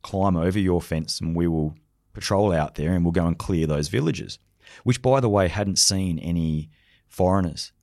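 Deep-voiced man telling war stories. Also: moderate pace, creaky, a little mellow, no echo, clean studio sound. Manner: vivid anecdotes, acts out quoted dialogue. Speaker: leadership consultant, special forces veteran. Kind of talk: storytelling podcast conversation.

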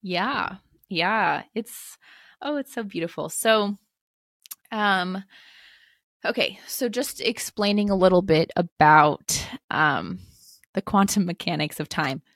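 A woman in her twenties, a spiritual life coach, speaking in a gentle, reassuring way with many "like" fillers in a podcast interview. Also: fairly low pitch, takes it slowly, no room sound, studio quality. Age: 20s.

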